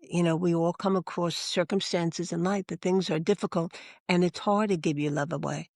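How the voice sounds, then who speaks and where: A woman's voice: lowish voice, fairly even intonation, moderate pace, darkish tone, no echo, clean studio sound. An older woman, a religious sister, telling stories from her teaching years in an interview, acting out the voices of the people she remembers. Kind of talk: storytelling interview.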